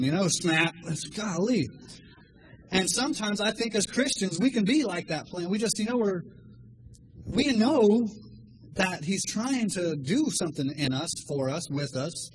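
A man with a high voice delivers a lively sermon, full of animated storytelling. He slips into small put-on voices as he acts out the scenes. Faint room ambience sits behind him. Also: measured pace, a little hiss or hum, low-quality recording. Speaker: lay preacher.

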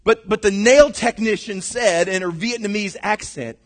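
High-voiced preacher man in echoing hall. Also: normal speed, hardly any pauses. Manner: dramatic swings from shouting to hushed. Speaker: pastor. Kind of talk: sermon. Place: church sanctuary. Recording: long reverb of a large hall.

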